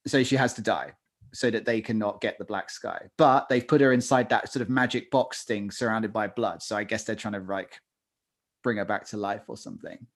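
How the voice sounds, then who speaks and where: A man's voice: on the low side, normal speed. A man co-hosting a podcast, chatting casually with lots of fillers and self-corrections. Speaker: podcast co-host. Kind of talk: casual chat.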